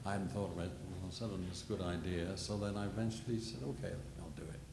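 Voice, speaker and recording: Older man, halting storyteller. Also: low voice, fairly even intonation, gravelly. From England. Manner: halting, self-deprecating, many restarts. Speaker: panel guest, illustrator. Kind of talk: rambling anecdotal storytelling. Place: gallery panel before an audience. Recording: echoey gallery hall, noisy.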